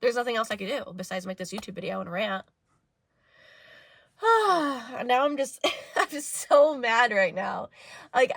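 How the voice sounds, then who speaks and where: Young woman, vlog rant; bright, forceful voice, dry close sound, exasperated and chatty. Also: medium pitch, no room sound. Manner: exasperated, animated, many fillers. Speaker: vlogger. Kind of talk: personal rant to camera.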